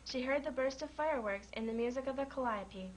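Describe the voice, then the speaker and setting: A woman reads a children's farm story aloud. Her voice sits a little high and her manner is gentle. A faint background noise stays under the reading. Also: fairly quick, poor audio. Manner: gentle, lightly voices the animal characters.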